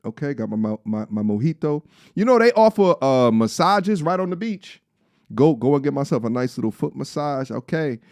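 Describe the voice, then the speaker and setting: A young man in casual podcast chat, playful and animated, slipping into high excited rants. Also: gravelly, no echo, studio quality. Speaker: podcast co-host.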